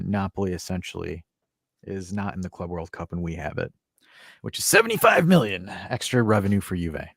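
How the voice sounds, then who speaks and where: A man's voice: on the low side, no room sound, studio quality. A man co-hosting a casual football podcast, explaining at length with lots of fillers and restarts. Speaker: podcast co-host.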